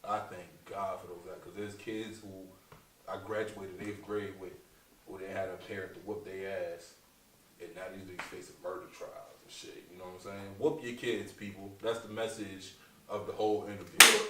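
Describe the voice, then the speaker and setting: Low-pitched male comedian, animated and profane storyteller; recorded far off the mic in an echoey room with faint noise. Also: normal speed. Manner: animated, laughing, profane, slangy. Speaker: comedian guest. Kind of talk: casual interview storytelling.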